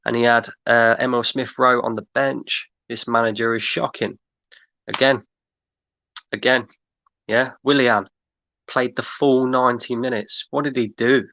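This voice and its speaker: A man's voice: mid-range voice, little pitch movement, measured pace, long pauses, bright, forceful tone, no room sound, highs cut off. A man hosting a fan livestream, ranting in exasperation and repeating himself while he reads out chat comments. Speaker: fan channel host. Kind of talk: livestream rant reading chat.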